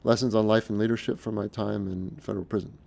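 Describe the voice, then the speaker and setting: Earnest man with a gravelly low voice. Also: level tone, a little mellow. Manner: earnest, halting, with frequent restarts. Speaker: speaker recounting his experiences. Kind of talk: casual unscripted monologue.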